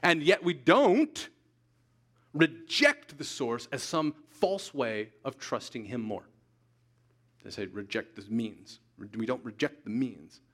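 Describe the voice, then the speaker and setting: A man preaching a sermon as pastor, emphatic, repeating key lines slowly for weight. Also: medium pitch, animated, a bit bright. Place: church sanctuary.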